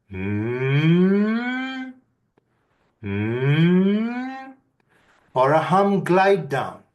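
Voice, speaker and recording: A man giving a webinar lesson, calmly guiding listeners through breathing and humming exercises. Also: on the high side. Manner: calm, deliberate instruction. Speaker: webinar speaker. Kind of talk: instructional webinar talk.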